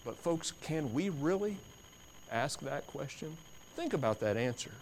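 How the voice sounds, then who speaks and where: A man preaching a sermon in an emphatic way, repeating phrases for stress and swinging from quiet to loud. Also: fairly high pitch, animated, a little slow, a little hiss or hum. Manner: builds from quiet to loud, dramatic.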